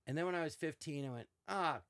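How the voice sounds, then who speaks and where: An older man, a podcast guest, telling animated anecdotes in casual chat and slipping into quoted voices. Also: fairly high pitch, very fast, clean tone. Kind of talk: casual storytelling.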